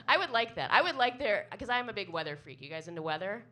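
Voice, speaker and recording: A woman comedian performs a chatty, self-mocking stand-up set for a live audience in a small club. Her voice is very animated, a little fast, pushed and bright, swooping into high silly voices.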